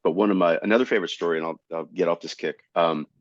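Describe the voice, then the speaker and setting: A middle-aged male comedian telling stories in a casual interview, jumping into higher voices to act out what people said. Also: fast talker, no echo, lo-fi sound. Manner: animated, jumps into high voices to act out quotes. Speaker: comedian guest.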